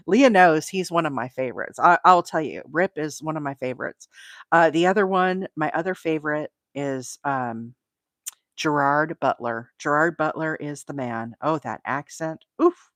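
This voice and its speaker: A talkative woman with a drawl hosts a live crochet stream, rambling between topics and laughing often. Her voice sits fairly low but swings widely in pitch. The sound is close and dry. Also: expressive, measured pace, no room sound. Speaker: crochet livestream host. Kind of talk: casual live-stream chat.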